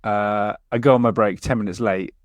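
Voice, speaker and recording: A man, co-hosting a casual podcast and telling sweary, animated work stories. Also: lowish voice, moderate pace, no echo, studio quality. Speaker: podcast co-host. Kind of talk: casual chat.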